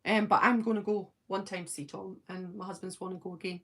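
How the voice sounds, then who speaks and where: A woman in her forties with a Scottish accent, casually chatting on a live stream and answering viewers' comments, talking fast when excited and filling pauses with ums. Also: medium pitch. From Scotland. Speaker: live-stream host reading chat.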